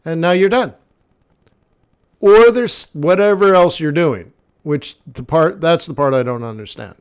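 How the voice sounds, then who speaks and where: A man's voice: a little high, unhurried, clean tone. A man coaching a live forex trading session in a blunt, conversational way, talking straight to the viewer with lots of "okay" and "like". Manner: conversational, repeats phrases, many "okay" and "like" fillers.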